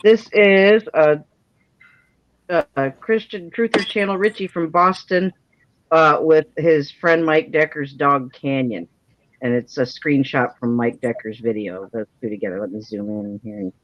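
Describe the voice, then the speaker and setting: A woman's voice: sits low, a little slow, a little hiss or hum. A woman artist chatting casually on a livestream, folksy and self-deprecating. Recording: dry, dull lo-fi stream audio.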